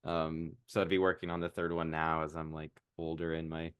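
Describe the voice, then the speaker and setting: A young man in his twenties chats loosely as a podcast guest. His voice sits very low and the room sounds dry and close. He rambles with plenty of fillers and laughs at his own mistakes. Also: monotone, normal speed, a bit bright, clean tone, no room sound. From Iowa. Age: 20s. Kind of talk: casual interview chat.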